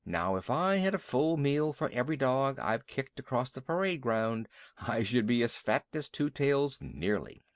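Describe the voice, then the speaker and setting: A man's voice: medium pitch, big pitch swings, dry recording, lightly acted. A man voicing a tough old male army mule who talks bluntly and scolds. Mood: wry. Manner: brisk, scolding.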